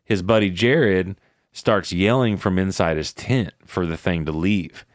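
Deep-voiced man retelling eerie stories. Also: measured pace, no echo, clean studio sound. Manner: retells eerie stories in casual, profane talk. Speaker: podcast host. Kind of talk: casual storytelling chat.

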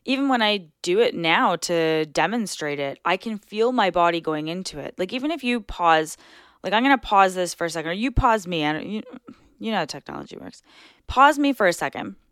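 A woman's voice: lowish voice, lively intonation, brisk, a bit bright, clean tone, dry recording, studio quality. A woman hosting a solo podcast, talking casually and earnestly as she coaches her listeners through their thinking. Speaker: podcast host.

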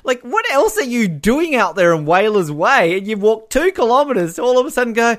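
A man's voice: very high voice, sing-song, a little fast, few pauses, a bit bright. An Australian man co-hosting a podcast, chatting casually and recapping a reality show, laughing often and acting out quotes. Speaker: podcast co-host.

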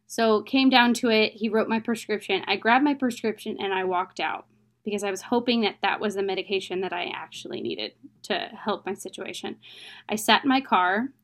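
A woman's voice: medium pitch, normal speed, a bit bright. A young adult woman, an interview guest, telling a personal story in a candid, emotional, plain-spoken way.

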